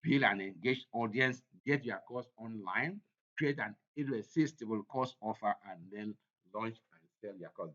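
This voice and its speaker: A man's voice: lowish voice, normal speed, a bit bright, lo-fi sound. A man presenting a slide lecture on a course topic, who repeats his points for emphasis. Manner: repetitive, emphatic, restates points.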